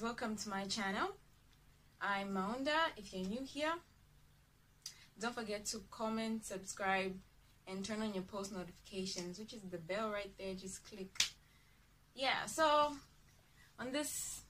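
A woman's voice: medium pitch, bright, forceful tone, slight background noise. A young woman from Zambia chatting casually to camera on her vlog, playful and full of asides. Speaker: YouTuber.

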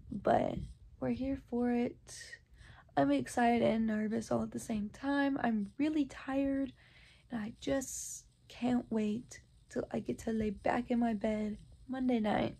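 A woman's voice: a little high, gravelly, dark tone. A young college woman vlogging about her busy day, chatty and upbeat, often saying "like.". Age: young adult. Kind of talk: casual vlog chat.

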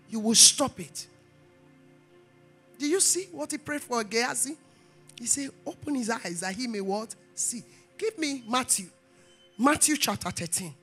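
A woman pastor preaches with a high, sharp, ringing voice, throwing questions to the congregation and swelling into shouts. Soft church music plays underneath her. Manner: call-and-response preaching, rising to shouts. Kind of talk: sermon.

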